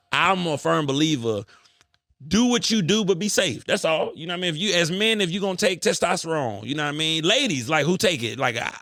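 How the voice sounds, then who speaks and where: A man hosting a podcast, telling stories in an animated, profane way. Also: a little high, gravelly, no room sound, studio quality. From United States. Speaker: podcast host. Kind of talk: casual podcast chat.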